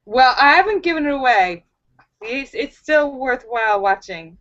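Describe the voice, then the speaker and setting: A young woman hosting a casual live stream at home, telling stories in an animated, chatty way with many fillers, on a webcam mic. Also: sits high, normal speed, highs cut off.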